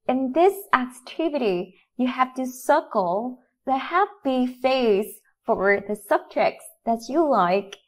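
A woman with a Vietnamese accent, a native Vietnamese speaker teaching an English lesson to children in a slow, deliberate, instructive way. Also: a little high.

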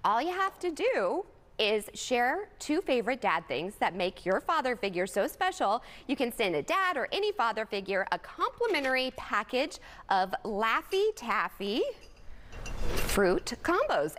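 A woman's voice: fairly high pitch, sing-song, a little slow, fairly bright tone, big-room sound. A woman hosting a morning TV show, bubbly and sentimental, speaking. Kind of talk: upbeat morning TV presenting.

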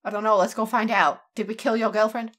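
Bright, excitable young gamer woman. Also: a little high, fast. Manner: jokey, excitable and profane. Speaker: let's play gamer. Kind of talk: casual gameplay commentary.

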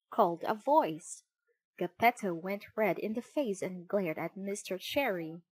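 A woman narrating a children's storybook in a clear, measured reading. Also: mid-range voice, lively intonation, dry recording, low-quality recording.

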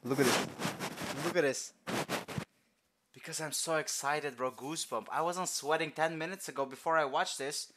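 A man's voice: on the high side, normal speed, pauses often, noisy background. A young man reacting to a movie trailer in loose, slangy, rambling chat. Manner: excitable, slangy, rambling, bursts into shouts and laughs. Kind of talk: casual reaction commentary.

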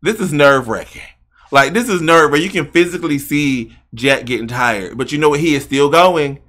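A man's voice: a little high, a little fast, sharp tone. A man hosting a reaction video, gushing and exclaiming often, close to tears at times. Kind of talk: emotional reaction commentary.

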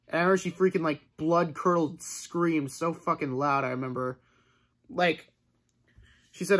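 A man's voice: sits high, unhurried, pauses often, fairly bright tone. A young man casually telling a story from his school days, rambling and filling his talk with "like". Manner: rambling, full of "like" fillers. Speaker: vlogger.

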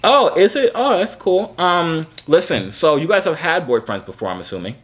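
A man's voice: on the high side, very animated, normal speed. A man in his twenties chatting casually on a video chat app, playful, teasing and boastful. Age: 20s. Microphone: phone on a video chat app.

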